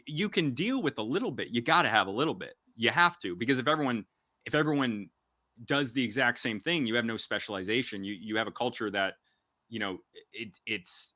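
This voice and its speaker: Young male podcast host, bright edgy tone, dry close sound, emphatic and rambling. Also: on the low side, no room sound. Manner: rambling, emphatic, many restarts. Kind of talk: casual podcast conversation.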